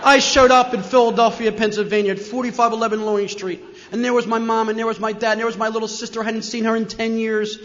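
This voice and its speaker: Middle-aged New Jersey man, high-pitched and animated, on a muffled hall recording. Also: quick pace, few pauses. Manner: animated, says "man" constantly, repeats "and". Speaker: speaker sharing his recovery story. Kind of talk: personal story talk to an audience. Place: large meeting hall with an audience.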